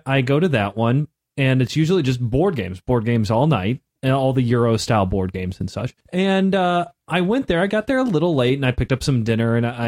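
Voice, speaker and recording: Podcast co-host, Midwestern man, lively storyteller, mid pitch, swoops up for quoted voices. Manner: animated, acts out quoted dialogue in raised voices. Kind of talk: casual storytelling chat.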